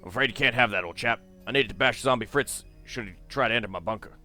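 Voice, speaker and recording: A man's voice: medium pitch, fast, sharp tone, faint music behind. A man voicing an eccentric old British brigadier with a pompous, exclaiming manner while reading game dialogue aloud. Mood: blustering.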